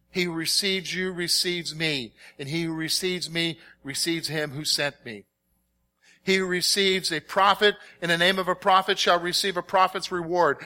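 Middle-aged guy preaching, high bright voice, keeps asking the crowd if they get it. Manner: animated, conversational preaching with direct questions to the congregation. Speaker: pastor. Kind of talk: sermon.

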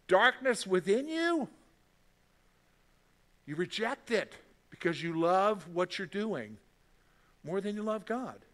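A man, the church's pastor, preaching a sermon in a conversational, emphatic way that swells in loudness. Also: high voice. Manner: reads scripture aloud in a measured voice.

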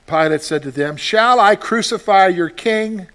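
A man preaches a sermon in an emphatic, rising and falling manner, his voice sitting a little higher than most men's. He reads scripture aloud and pauses to answer questions he puts to himself. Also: sharp tone, smooth. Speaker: pastor.

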